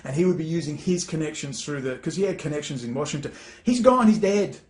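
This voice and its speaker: A man's voice: fairly high pitch, lively intonation, fast. A man giving an angry, exasperated rant as a political commentator, swearing often. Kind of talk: ranting monologue. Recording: echoey room.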